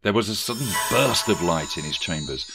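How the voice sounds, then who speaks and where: Wry male storyteller, lively pitch. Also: fairly quick, creaky, very noisy. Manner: wry, mock-solemn. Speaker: narrator. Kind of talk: comic storytelling narration.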